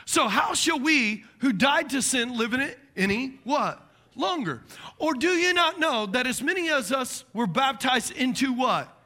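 A middle-aged man preaching a sermon as pastor, animated and jokey, acting out quoted voices and dropping into muttered asides. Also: very high voice, measured pace.

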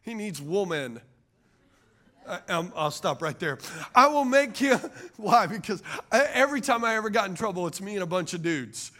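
A man preaches a sermon as pastor in a call-and-response style, calling on the congregation for amens and agreement. His voice sits high and a bit bright, with lively intonation at a normal speed.

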